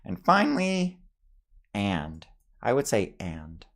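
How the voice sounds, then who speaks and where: A man's voice: lowish voice, huge pitch swings, slow, gravelly. A man in a casual accent tag video, playfully thinking aloud about how he says each word, recorded in a small home studio. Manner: playful, musing aloud over his own pronunciations. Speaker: vlogger.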